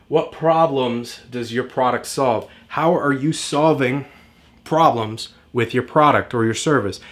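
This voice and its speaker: A man's voice: medium pitch, fairly bright tone. A man giving a direct-to-camera marketing lesson, emphatic and repetitive in a motivational way. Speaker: marketing coach.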